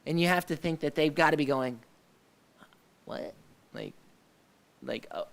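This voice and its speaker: The host of a faith discussion show, a man with a slightly high, gravelly voice, talks at normal speed during a casual live session. He restarts often and leans on fillers while eagerly recounting scenes.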